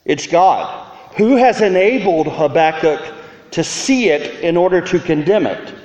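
Pastor preaching in an echoey hall. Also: male voice, fairly high pitch, expressive, unhurried, a little mellow. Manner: earnest, questioning, builds to rhetorical peaks. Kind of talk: sermon. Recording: roomy hall reverb, dull sound.

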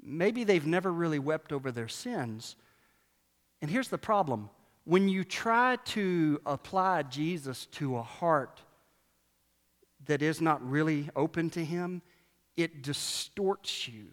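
A male pastor preaches with animated emphasis, repeating key lines and asking the room rhetorical questions. His voice sits high for a man. It carries the long reverb of a large hall. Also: slow pace. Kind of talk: sermon.

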